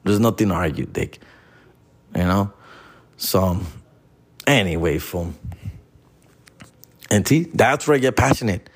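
Los comedian, lower voice, heated slangy rant with Spanish mixed in. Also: male voice, lively intonation, a little slow, long pauses, husky. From Los Angeles. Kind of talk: profane casual rant.

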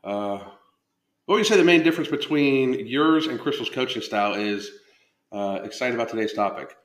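A man's voice: medium pitch, moderate pace. Swearing male live-stream host, roomy sound. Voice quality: loose, profane, self-interrupting talk. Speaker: podcast host and fitness coach. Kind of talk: casual live-stream chat. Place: indoor room at home. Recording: roomy echo.

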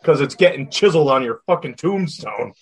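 A man's voice: medium pitch, animated, fairly quick, husky. A man putting on the voice of a menacing, foul-mouthed male killer from a horror film, with snarling, swaggering threats.

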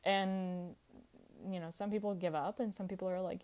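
A podcast host delivers a casual, candid monologue, peppered with "like," swearing freely and laughing easily. Her voice is on the low side and a little mellow, with fairly even intonation at a moderate pace.

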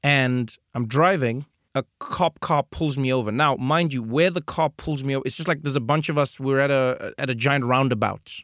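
A man's voice: medium pitch, moderate pace, no echo, clean studio sound. A man from South Africa hosting a podcast, telling a story in casual chat and acting out the people in it. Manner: animated, acts out voices in anecdotes. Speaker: podcast host.

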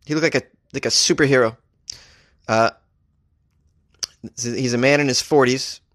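A man's voice: mid-range voice, fairly even intonation, normal speed, fairly bright tone, no echo, studio quality. Laughing man riffing through a story. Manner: laughing at his own jokes, riffing. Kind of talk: comedic storytelling.

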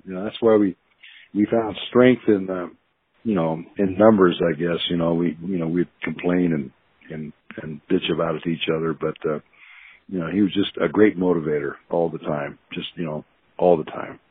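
A man's voice: low-pitched, fairly even intonation, normal speed, husky. An older man, a former football player, telling stories with many fillers and chuckles. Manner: rambling, many fillers, laughs while recalling. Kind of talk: storytelling interview. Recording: tinny phone line.

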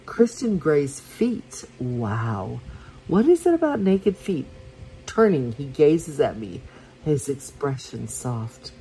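A woman reading a romance story aloud for her podcast, soft and unhurried, with small slips and restarts. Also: extremely low pitch, expressive, creaky, slight background noise, poor audio.

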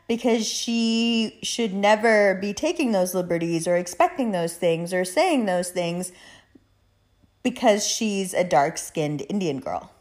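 Animated, swearing woman chatting casually. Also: fairly low pitch. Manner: animated, profane, laughs often while telling stories. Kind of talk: casual chat.

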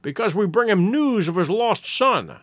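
A man voicing an eager, sharp male detective who makes brisk, emphatic deductions in an audiobook reading. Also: sits high, very animated, no room sound, studio quality, voice pushed up. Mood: breezy.

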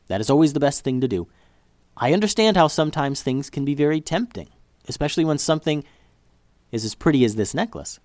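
A calm, firm mother gently lecturing her daughter in a children's story, voiced by a man reading aloud. Her voice rises and falls freely, recorded dry and close. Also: mid-range voice, no room sound, natural voice. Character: firm but loving mother.

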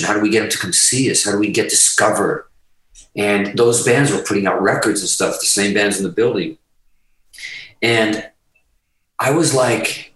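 A middle-aged man tells a story with heavy, emphatic profanity. His voice sits fairly low, and it rings in a roomy space picked up from some distance off the mic. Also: a bit bright. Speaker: podcast guest. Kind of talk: casual storytelling.

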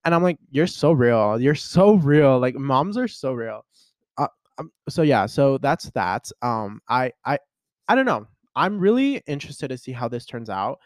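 A young man vlogging in a casual chat to camera, telling stories in a chatty, animated way with lots of fillers. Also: medium pitch, normal speed, no room sound, clean studio sound. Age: young adult.

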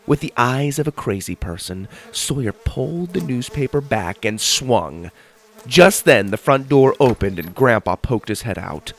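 A man narrating a children's adventure story in an expressive storytelling manner. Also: mid-range voice, a little slow.

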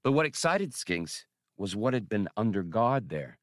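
A man reading an audiobook aloud, telling the action in an animated way. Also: fairly low pitch, unhurried, no room sound, clean studio sound. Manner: animated storytelling. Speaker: audiobook reader. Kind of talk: audiobook narration.

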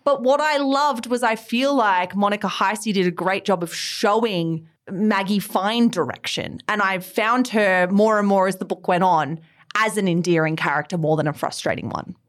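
A woman hosting a casual book club discussion, expressive and steering the talk. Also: mid-range voice, moderate pace.

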